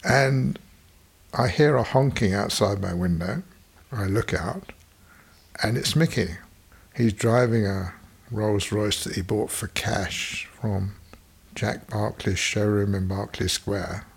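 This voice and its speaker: A man's voice: fairly low pitch, takes it slowly, gravelly, slightly rough. An older man telling stories from his past in a digressive, wry way, as a podcast host reminiscing. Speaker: podcast storyteller recalling his business past. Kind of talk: reminiscing monologue.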